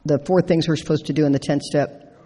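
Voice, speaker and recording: A middle-aged woman shares a personal story from the stage of a large convention hall. She talks in a lively, animated way, acting out what she said and laughing along. Her voice carries a long, echoing reverb. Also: low voice, fairly quick, slightly rough. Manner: animated, acts out her own quotes, laughs through the story. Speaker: speaker at a recovery convention.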